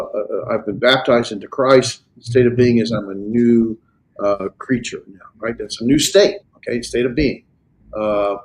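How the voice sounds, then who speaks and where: A man with an American Southern accent teaching a Greek class, explaining slowly with many fillers and restarts. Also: medium pitch. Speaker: Greek instructor. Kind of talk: classroom lecture and Q&A.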